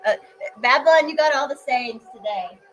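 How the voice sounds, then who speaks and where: A woman's voice: sits high, normal speed, a bit bright, faint music behind. A woman in her thirties chatting casually while baking in her kitchen, answering her live chat by name and swearing freely. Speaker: livestream host. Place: home kitchen.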